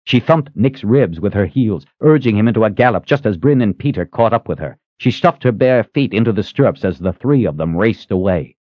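A man's voice: fairly low pitch, animated, a little fast, few pauses, no room sound. A man reading a fantasy audiobook as narrator, dramatic and shifting his pace. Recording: slightly muffled dry recording.

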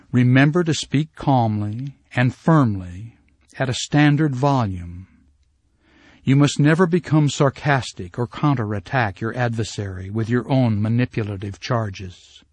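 A man narrating a self-help course in a calm, measured, scripted way. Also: medium pitch, no echo.

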